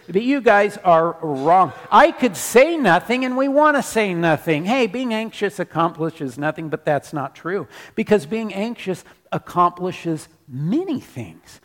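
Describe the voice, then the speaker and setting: A man preaching a sermon as pastor in a church, animated, repeating his declarations. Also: on the high side, long reverb tail.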